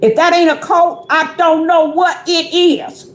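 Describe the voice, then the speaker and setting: A woman's voice: extremely high pitch, measured pace, roomy sound, a little hiss or hum. A woman preaching on a livestream, pressing her point with repeated rhetorical questions.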